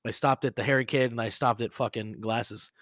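Man, casual podcast co-host, swears a lot, mid-pitched voice, dry close sound. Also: brisk, no echo. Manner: profane, animated storytelling with shouted quotes. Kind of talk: casual storytelling chat.

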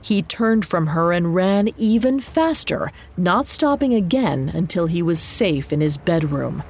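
A woman narrating a folk tale in a measured, even scripted reading. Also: lowish voice, slight background noise. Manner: measured, even storytelling delivery. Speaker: storyteller.

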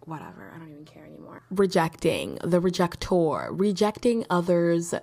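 A young woman in her late teens hosts a chatty, rambling podcast. Her voice sits a bit low for a woman, and she keeps breaking into laughter and playful mock drama. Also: big pitch swings, normal speed, gravelly, dark tone, slightly rough. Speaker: podcast host. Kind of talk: casual chat.

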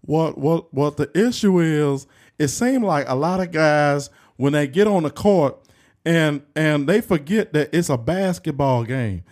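A man doing an impression of a gruff, blunt older male basketball pundit who rambles through pronouncements. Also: on the high side, expressive, measured pace, a little mellow, voice pushed up. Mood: complaining.

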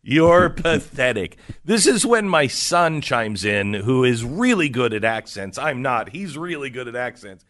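A man's voice: mid-range voice, sing-song, normal speed, few pauses, a bit bright, no echo, clean studio sound. A middle-aged man hosting a talk radio show, telling a story and acting out the quotes as he goes.

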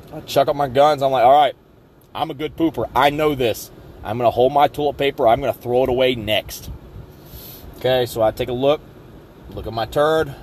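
A man's voice: mid-range voice, slight background noise. A young man from Southwest Virginia with a Southern accent, telling a rambling, self-mocking story as a podcast host, full of ums and uhs. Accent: Southern American. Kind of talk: casual storytelling.

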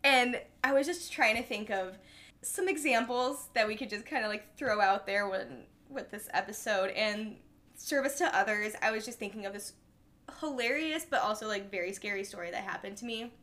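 A woman's voice: medium pitch, moderate pace, fairly bright tone. A young adult woman co-hosting a podcast, telling a story in casual chat and swearing freely. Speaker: podcast co-host.

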